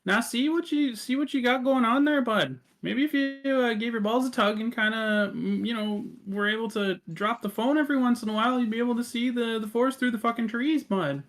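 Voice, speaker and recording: A man's voice: extremely high pitch, brisk, few pauses, a bit bright, voice pushed up. A man voicing Death as a crude, swaggering skeletal figure who calls people "bud" and swears a lot. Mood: exasperated. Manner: profane, exasperated, bossy.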